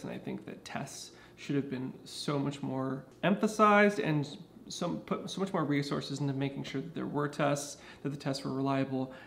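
Earnest man vlogging, gravelly voice. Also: mid-range voice, a little hiss or hum. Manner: earnest, explanatory, with restarts. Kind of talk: casual talk to camera. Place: indoors at home.

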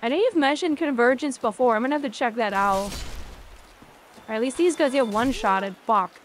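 A woman with a high voice commentates her gameplay live. She is excitable, curses often and chats casually with her viewers between fights. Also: fairly quick, slight background noise. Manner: excitable, swears often, talks to chat. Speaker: game streamer.

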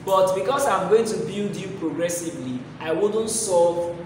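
A man's voice: high voice, lively intonation, normal speed, a little mellow, a little hiss or hum. Echoey far-off man teaching math. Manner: asks rhetorical questions, repeats key phrases. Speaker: mathematics teacher. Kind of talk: classroom lesson.

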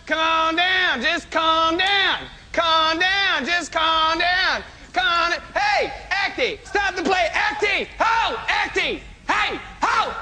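A man playing a crude, loud president who heckles a play, shouting and swearing. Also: very high voice, slow, hardly any pauses, a little hiss or hum, exaggerated voice. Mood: mocking. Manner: shouting, profane, taunting. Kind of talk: sketch comedy acting.

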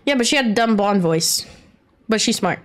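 A woman's voice: mid-range voice, animated, moderate pace. Teasing woman game master. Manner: teasing, laughs often. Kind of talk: casual tabletop game chat.

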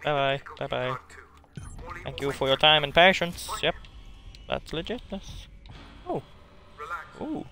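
A man streaming a video game live, jokingly pleading with the monster, swinging from loud exclamations to hushed mutters. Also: fairly high pitch, sing-song, slow, long pauses, music in the background. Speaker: gaming streamer.

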